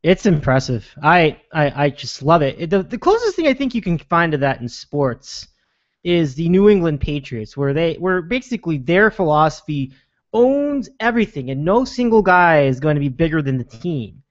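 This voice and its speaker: A man's voice: on the high side, big pitch swings, normal speed, no echo. A man hosting a sports podcast in casual chat, rambling with lots of restarts and fillers. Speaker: podcast host. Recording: dull lo-fi sound.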